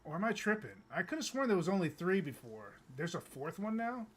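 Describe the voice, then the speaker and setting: A man's voice: high-pitched, sing-song, a little fast, slightly rough. A young American man chatting casually while streaming a game, rambling with stammered restarts and chuckles. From United States. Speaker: gaming streamer.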